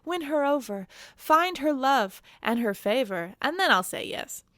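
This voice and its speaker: A woman's voice: high-pitched, expressive, unhurried, a bit bright, dry recording, clean studio sound. A woman voicing an older male father and lord of the house, who talks in an offhand, bossy way.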